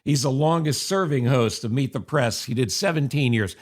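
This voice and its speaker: An older upstate New York man speaks at a normal speed in a mid-range voice, hosting his podcast from a home office. It's a casual, chatty monologue, wry in tone and full of sarcastic asides.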